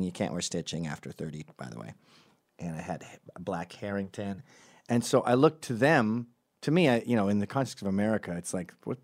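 A man's voice: low voice, a little mellow, dry recording, clean studio sound. A middle-aged man hosting a comedic opinion monologue, sardonic and profane, often mocking people in put-on voices. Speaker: commentary show host.

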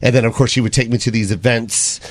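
A man's voice: medium pitch, no room sound. A middle-aged man, a guest comedian, telling joking stories in talk show banter. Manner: animated, quick to jump into comic voices.

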